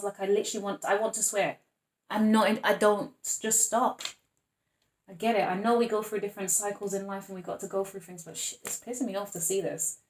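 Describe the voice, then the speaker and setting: Woman, tarot reader, casual and chatty, blunt, swears, echoey room. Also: medium pitch.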